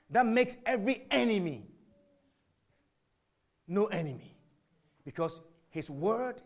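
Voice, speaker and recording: A man preaching a sermon, asking and answering his own questions, jumping from shouts to whispers. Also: high-pitched, slow pace, pauses often. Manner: animated, swings from shouts to whispers.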